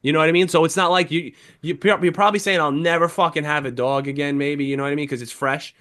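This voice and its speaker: A man's voice: on the high side, fairly even intonation, quick pace, fairly bright tone. A young man, a podcast co-host, telling an emotional story in casual chat, swearing heavily as he talks.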